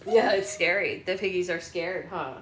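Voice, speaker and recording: Livestreaming on her phone, a woman reads to her book club at home and chats playfully with her toddler, using coaxing baby-talk. Her voice runs on the low side at a moderate pace, with background noise and room echo.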